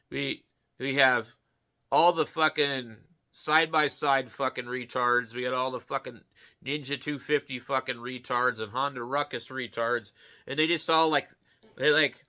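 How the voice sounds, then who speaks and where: Profane ranting man, bright tense voice. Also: mid-range voice. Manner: swearing, animated, mocking. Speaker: vlogger. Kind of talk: profane casual rant to camera.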